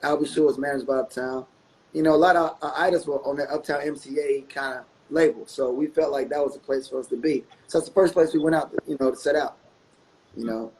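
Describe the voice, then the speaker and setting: A middle-aged man, a guest musician telling stories in a casual interview, laid-back and quick to laugh. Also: a little high, steady tone, darkish tone, a little hiss or hum, low-quality recording. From North Carolina. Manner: laid-back, laughs often, repeats phrases.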